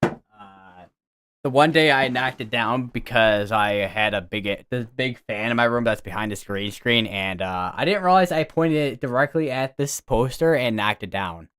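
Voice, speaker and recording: Young man, casual livestream host, rambling, self-correcting, smooth clear voice. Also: medium pitch, normal speed, fairly bright tone. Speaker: weather stream host. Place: home room with green screen.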